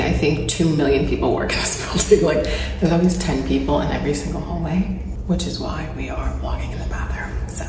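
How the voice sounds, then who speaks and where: A woman in her twenties, a medical student, talking casually and candidly to a handheld phone camera. She chats freely and fills her sentences with "like". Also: on the low side. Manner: chatty and candid, peppered with "like". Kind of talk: casual vlog chat to camera.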